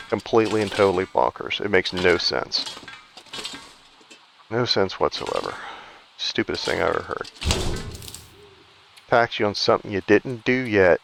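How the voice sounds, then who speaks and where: A man's voice: on the low side, gravelly, fairly bright tone, slight background noise, low-quality recording. A man giving casual, rambling commentary while playing a survival game, ranting with frequent restarts. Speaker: gaming video creator.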